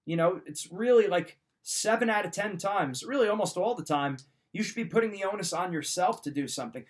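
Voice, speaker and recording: A middle-aged man with a slightly raised pitch gives a motivational coaching talk. He speaks in a firm, emphatic, direct way. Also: expressive, a little fast. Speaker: wrestling mindset coach.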